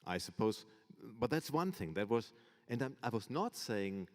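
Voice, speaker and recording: A man, a professor, moderating a panel discussion in a measured way, thinking aloud. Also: lowish voice, big pitch swings. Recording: long reverb of a lecture hall.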